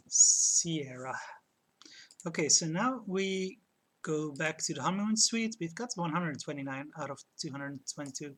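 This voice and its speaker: A woman streaming a retro game, chatting casually, laughing often and reading the game's narration aloud. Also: sits low. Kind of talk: let's-play commentary, reading game text aloud.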